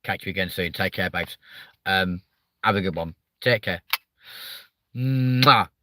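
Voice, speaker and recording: A man from southern England hosts a live stream, his low voice steady in tone, pushed and bright, at a moderate pace. He chats casually, swears a lot, and sounds hyper while reading viewer comments, with slight background noise.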